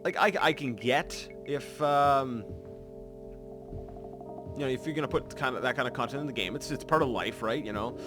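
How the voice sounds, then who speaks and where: A man's voice: mid-range voice, moderate pace, long pauses, music in the background. A man hosting a let's play, casually rambling through gameplay commentary with lots of fillers and self-corrections.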